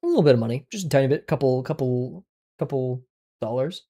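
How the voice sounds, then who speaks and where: A man's voice: medium pitch, expressive, fast, warm tone. A man chatting casually on a livestream while playing web games, reacting aloud with sudden yelps and mumbled asides. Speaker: art livestreamer.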